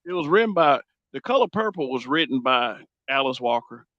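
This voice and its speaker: A man's voice: mid-range voice, sing-song, a little fast, no room sound, highs cut off. A man hosting a casual podcast, talking bluntly and emphatically, repeating phrases as he builds his points. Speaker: host.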